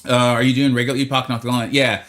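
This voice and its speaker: A man's voice: medium pitch, little pitch movement, very fast, fairly bright tone. A man hosting a live game stream, chatting in an upbeat, friendly way and greeting viewers by name as he talks through his plans.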